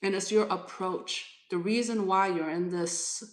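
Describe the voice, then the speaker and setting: A woman's voice: medium pitch, fairly even intonation, measured pace. A woman tarot reader on a live stream, firmly lecturing a commenter and repeating her points. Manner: firm, lecturing, repeats herself. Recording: echoey room.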